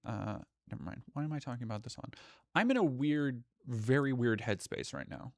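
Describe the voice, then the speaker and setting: A fast-talking man with a medium-pitched, sing-song delivery comes through clean studio sound with no echo. He chats with viewers on a live stream in a rambling way, cutting himself short and swearing here and there.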